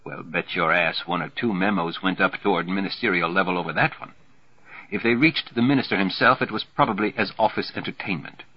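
A man narrating a novel aloud in a dry, wry, steady manner. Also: low-pitched, fairly quick, husky. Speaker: audiobook narrator. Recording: dull lo-fi recording.

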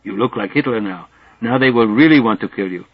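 A man's voice: fairly low pitch, a little fast, husky, no room sound. A man voicing a mischievous elderly professor, speaking in a sly, formal way. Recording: dull dry studio sound.

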